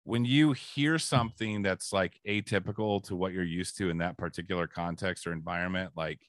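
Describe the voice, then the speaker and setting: A man's voice: low-pitched, brisk, no echo. A man chatting casually on a podcast, hesitant and thinking aloud with restarts. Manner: hesitant, full of fillers and restarts. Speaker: podcast co-host. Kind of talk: casual chat.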